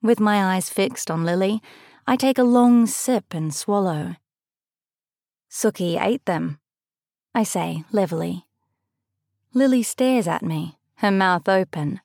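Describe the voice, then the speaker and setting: A young adult woman reading a first-person audiobook in a measured, lightly expressive way. Her voice sits mid-range. The recording is dry and close to the mic. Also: medium pitch, no echo. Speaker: audiobook narrator.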